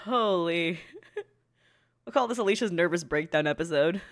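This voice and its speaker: A woman's voice: lowish voice, animated, normal speed. A young woman streaming an anime reaction, laughing so hard she cries and mocking herself with plenty of swearing. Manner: giggly, self-mocking, swearing freely. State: laughing to tears. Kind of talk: casual reaction commentary.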